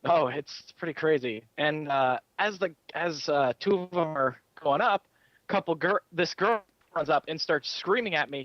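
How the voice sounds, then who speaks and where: A man's voice: a little high, animated, normal speed, a bit bright, no room sound, lo-fi sound. A man who works as a rides operator at a theme park, telling a story in casual chat and acting out the people he quotes. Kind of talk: casual chat while gaming.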